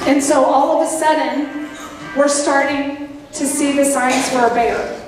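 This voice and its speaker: High-voiced woman preaching in an echoey hall. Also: unhurried, over music. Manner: animated, folksy storytelling with playful asides to the congregation. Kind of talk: sermon. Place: church sanctuary. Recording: echoey hall, voice from a distance with background noise.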